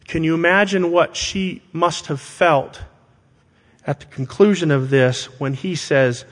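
A man preaching a sermon to his congregation, speaking deliberately and with emphasis and asking rhetorical questions. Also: fairly high pitch, fairly even intonation. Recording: long hall reverb.

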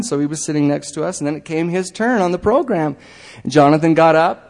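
A middle-aged man giving a halting, earnest church talk, full of fillers and self-deprecating asides. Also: a little high, animated, darkish tone. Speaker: lay church speaker. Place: chapel. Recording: long hall reverb.

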